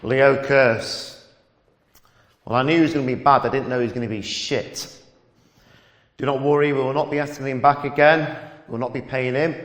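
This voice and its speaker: A man's voice: medium pitch, steady tone, moderate pace, pauses often, natural voice. A man playing a sarcastic, apologetic comedy club host speaking from the stage. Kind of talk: stage introduction. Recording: echoey hall with long reverb.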